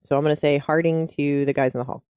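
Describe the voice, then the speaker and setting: A woman's voice: deep voice, steady tone, quick pace, darkish tone, clear, resonant tone, no echo, studio quality. A woman co-hosting a casual book podcast, playful and laughing often. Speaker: podcast co-host.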